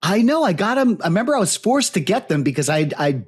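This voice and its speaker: Husky, rambling mountain bike podcast host. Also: male voice, high voice, very animated, fast talker. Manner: rambling, heavy use of fillers like "you know" and "like". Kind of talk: casual chat.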